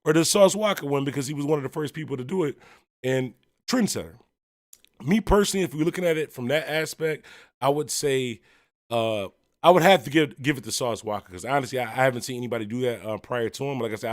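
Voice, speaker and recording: A man's voice: medium pitch, animated, fast, no echo, clean studio sound. A man from Buffalo, New York, hosting a music talk livestream, chatting loosely and rambling with lots of fillers as he reacts to viewer comments. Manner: rambling and conversational, full of fillers and shout-outs. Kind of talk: casual livestream chat, reading viewer comments.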